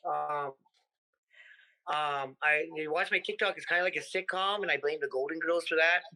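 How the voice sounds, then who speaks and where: A man from the United States, a comedian guest in a casual interview, talking in an animated, profane way and acting out his stories. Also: a little high, moderate pace, heavy background noise.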